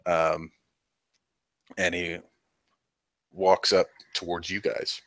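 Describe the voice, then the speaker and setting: Game master, male, deep forceful voice, loose casual narration. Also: level tone, extremely slow, no room sound. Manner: loose, hedging narration with "kinda" and "like".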